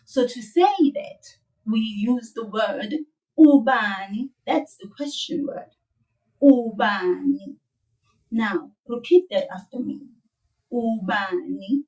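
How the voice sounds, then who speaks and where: A woman teaching a children's language lesson, modeling words slowly and playfully with laughs. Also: on the high side, darkish tone, distant mic, rough recording. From South Africa.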